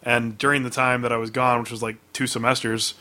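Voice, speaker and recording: A man hosting a casual chat who talks in quick, jokey prompts. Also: mid-range voice, little pitch movement, bright, forceful tone. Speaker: podcast host.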